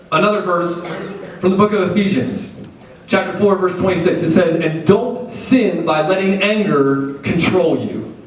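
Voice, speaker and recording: High-voiced man preaching in an echoey hall. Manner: animated, jokey, acts out quoted people. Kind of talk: sermon. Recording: echoey hall, far from the mic.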